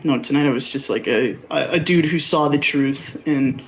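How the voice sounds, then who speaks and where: A man's voice: medium pitch, normal speed, a bit bright, a little hiss or hum, low-quality recording. A man player signing off a tabletop game stream with dry jokes. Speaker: player and actor. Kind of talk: casual sign-off chat.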